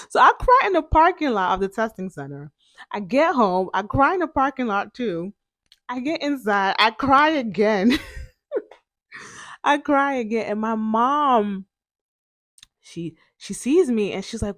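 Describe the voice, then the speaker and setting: A woman's voice: a little high, sing-song, a little slow, pauses often, fairly bright tone, no echo, studio quality. A young woman hosting a podcast, telling her own story in a chatty way, full of fillers and self-corrections. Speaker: podcast host.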